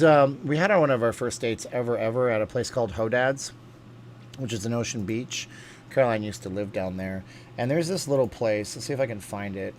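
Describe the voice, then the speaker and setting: A man's voice: medium pitch, a little hiss or hum. Rambling man hosting a chat stream. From USA. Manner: rambling, reads comments aloud, many fillers. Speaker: livestream host reading chat. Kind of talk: casual livestream chat.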